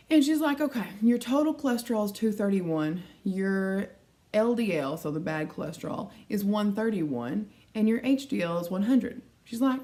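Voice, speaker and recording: A weight-loss vlogger in her thirties talks casually, retelling conversations with frustration and acting out both sides. Her voice is lowish and a little mellow.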